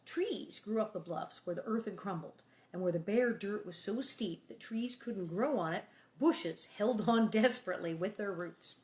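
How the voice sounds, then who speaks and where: A middle-aged woman reading a children's book aloud, breaking off for chatty asides and playful sound effects and sometimes dropping to a soft whisper. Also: medium pitch, moderate pace, few pauses. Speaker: reader and host.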